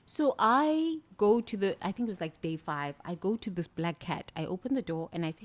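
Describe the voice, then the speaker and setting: A woman from southern Africa, telling a spiritual story in an animated, exclamatory way with many restarts. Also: medium pitch, moderate pace. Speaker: spiritual speaker.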